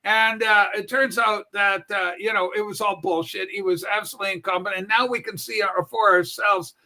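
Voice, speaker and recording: A man hosting a casual political talk livestream, brash and profane, with animated storytelling. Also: high voice, a little fast. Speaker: political talk show host. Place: home room with a Star Trek shrine.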